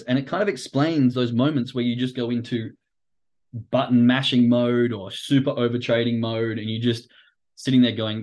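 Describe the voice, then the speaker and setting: Male livestream host and trading coach, casual and animated, swears freely, acts out reactions. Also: mid-range voice, moderate pace. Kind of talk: livestream explainer talk.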